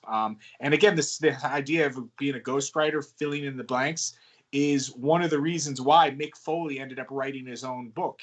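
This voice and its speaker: A man from the United States, a guest author answering interview questions in a relaxed, rambling way with many fillers. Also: medium pitch. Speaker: guest author and wrestling ghostwriter. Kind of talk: casual podcast interview answers.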